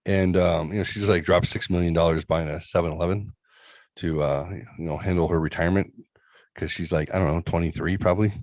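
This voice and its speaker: A man's voice: deep voice, steady tone, fairly quick, a little mellow, no room sound. A middle-aged man hosting a casual talk show, rambling and joking crudely about his kids and streaming. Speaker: podcast host. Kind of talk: casual chat.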